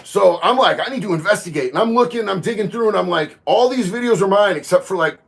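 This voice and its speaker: A man, chatting casually on a livestream, reading viewer comments and getting loud and emphatic on his opinions. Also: sits high, animated, fast, creaky. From Florida. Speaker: livestream host.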